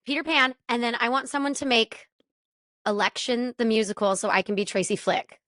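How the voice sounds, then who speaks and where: Young woman guest, bubbly and high-energy, bright sharp tone, slightly high pitch, dry sound. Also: fairly quick, dry recording. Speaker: guest, stage performer. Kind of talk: casual interview chat.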